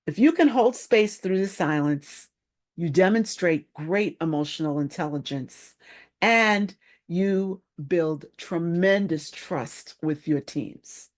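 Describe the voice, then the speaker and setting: A middle-aged woman coach talks in a slow, unhurried way, leaving deliberate pauses between phrases. Her voice sits a little low for a woman. It is a steady, measured live-stream talk on leadership.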